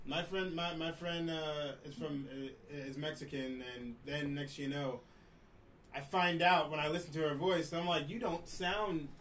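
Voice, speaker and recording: Bright-voiced man telling stories. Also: fairly high pitch, moderate pace, a little hiss or hum. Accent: New Jersey. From New Jersey. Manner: animated, quotes people in lively voices. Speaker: podcast co-host. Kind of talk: casual chat, storytelling. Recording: roomy distant mic, faint ambience.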